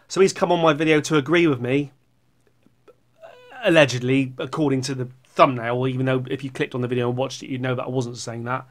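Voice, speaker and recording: A man's voice: medium pitch, fairly even intonation, fairly quick. A middle-aged man rambling sarcastically as he reads out viewer comments on his channel. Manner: sarcastic, rambling, puts on silly voices for comments. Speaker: YouTuber reading viewer comments.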